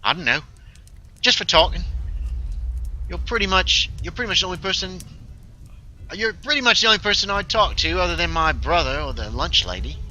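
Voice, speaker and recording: A man voicing a pushy British cannibal girl, putting on a rough Cockney accent. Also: sits high, expressive, fairly quick, pauses often, sharp tone, slight background noise, pitched above the performer's own voice, full character voice, rough recording. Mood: cheeky. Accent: Cockney, put on badly.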